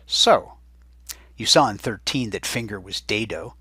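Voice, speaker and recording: Husky, bright-toned man teaching vocabulary. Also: lowish voice, animated, dry recording. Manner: chatty, repeats each word slowly for dictation. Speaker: Spanish teacher. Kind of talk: recorded vocabulary lesson.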